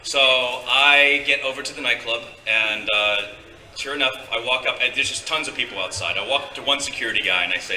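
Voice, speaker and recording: A guest storyteller speaks live at a convention in a medium-pitched, pushed, bright voice, moving fairly quickly. His tale rambles, full of fillers and restarts. Captured by a far-off mic, the sound echoes through the hall in front of the audience.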